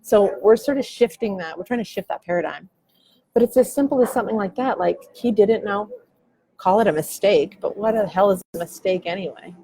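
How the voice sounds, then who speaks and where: A woman's voice: mid-range voice, brisk, mellow, slightly rough, poor audio. A woman in her forties talking candidly in a coffee shop, musing loosely and swearing casually as a podcast host. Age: 40s. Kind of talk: candid reflective chat.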